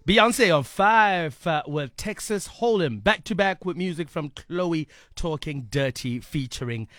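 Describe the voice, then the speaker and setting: A young man hosting a radio show, playful and teasing, loud and excitable. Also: a little high, measured pace. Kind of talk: energetic radio banter.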